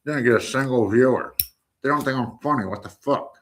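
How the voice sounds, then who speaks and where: A man's voice: medium pitch, brisk, a bit bright, a little hiss or hum. An American man hosting a live stream, rambling and joking in a loose, unfiltered monologue.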